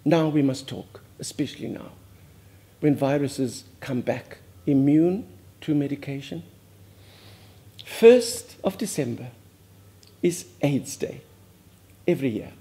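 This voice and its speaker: A man's voice: a little high, lively intonation, slow, pauses often, dark tone. A man playing a prim, earnest older Afrikaans society lady with an Afrikaans South African accent, confiding in a monologue that drops Afrikaans words. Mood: remorseful. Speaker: host. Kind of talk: character monologue.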